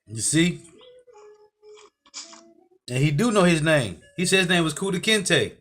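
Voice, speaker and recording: A man's voice: a little high, very animated, a little slow, fairly bright tone. A man giving preaching commentary who keeps ending his phrases with "man" and quotes scripture. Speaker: host.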